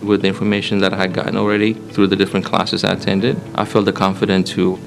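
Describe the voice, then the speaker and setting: A low, gravelly man speaks earnestly and plainly about starting his own restaurant. His voice stays flat and even, with music clearly heard under it. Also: fast. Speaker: restaurant owner. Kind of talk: interview testimonial.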